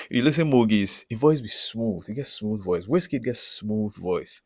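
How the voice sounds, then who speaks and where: Guy, deep-ish voice, dry close sound, keeps asking if you get it. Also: expressive, moderate pace, hardly any pauses, no echo. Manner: checks in often with rhetorical questions. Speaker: recording artist teaching branding. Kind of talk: casual explainer to camera.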